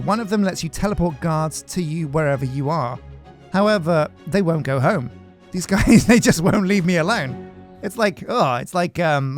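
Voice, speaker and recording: Casual gameplay host: man, fairly high voice, joking and rambling, faint music underneath. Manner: joking, rambling, self-mocking. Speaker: gaming channel host.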